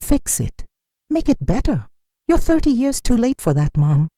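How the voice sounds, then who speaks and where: A numb, cold grown son speaks in flat, clipped phrases, read by a woman. His bitterness shows through a mellow tone. The sound is close and dry, with no room around it. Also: very high voice, measured pace, no echo, voice pushed up, full character voice. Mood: bitter.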